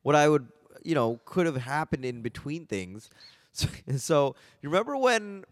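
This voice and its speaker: A man's voice: on the high side, sing-song, moderate pace, no room sound, clean studio sound. A man in casual podcast chat, animatedly retelling movie scenes and acting out lines. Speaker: podcast co-host.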